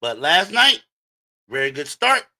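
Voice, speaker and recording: A male sports host on a livestream, with a high, very bright voice that swings widely in pitch. He talks straight to his viewers in an emphatic, animated way, often rising toward a shout on his main points. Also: measured pace.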